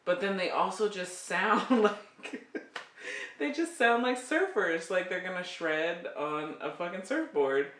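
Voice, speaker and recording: A woman in her forties co-hosting a casual podcast chat, animated and often laughing. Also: lowish voice, a little slow, far from the mic, a little hiss or hum. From California. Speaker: podcast co-host, parent. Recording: echoey room, off-mic.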